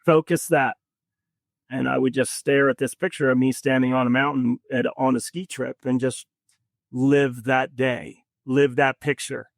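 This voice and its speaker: A man's voice: medium pitch, flat delivery, creaky, no echo. Earnest man telling his story, dry sound. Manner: earnest, reflective, many pauses and fillers. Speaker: podcast guest. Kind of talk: personal storytelling in conversation.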